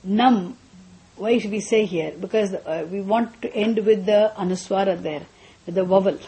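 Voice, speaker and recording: In a mantra class, a patient teacher explains each step, frequently repeating herself and starting over. Her voice is mellow, dark and ordinary in pitch, and she eases into slow chanting.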